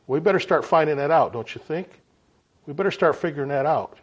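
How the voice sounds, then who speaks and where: Folksy animated preacher, lo-fi. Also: male voice, a little high, brisk, breathy edge. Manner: folksy, animated, frequent "right?" and "okay?" to the audience. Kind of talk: sermon. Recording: dull lo-fi sound.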